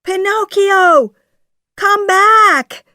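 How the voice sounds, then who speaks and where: A woman's voice: a little high, sing-song, extremely slow, dry recording, clean studio sound, pitched above the performer's own voice, full character voice. A woman voicing a small, loyal cricket companion who calls out urgently in a children's story. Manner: urgent calling.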